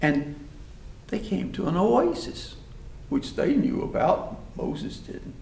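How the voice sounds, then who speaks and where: A man telling a story in a folksy, animated way. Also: high-pitched, slow pace, vocal fry, a little hiss or hum. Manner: animated, folksy, acts out voices. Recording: roomy hall, mic far off.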